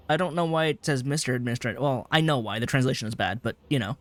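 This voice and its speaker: A man's voice: medium pitch, quick pace, few pauses, no echo. A man hosting a let's play, chatting about the game he is playing in a wry, rambling way, with faint game music behind him.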